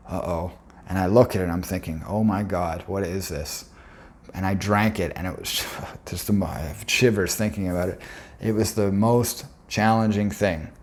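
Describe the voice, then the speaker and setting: A man's voice: lowish voice, slight background noise. A young man telling a personal story in an earnest, intense way, often stopping to restart his words.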